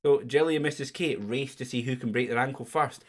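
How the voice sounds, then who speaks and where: A man's voice: medium pitch, fairly quick. A middle-aged man hosting a quiz stream in casual chat, rambling and joking as he goes. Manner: rambling, self-interrupting, joking. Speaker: quiz host.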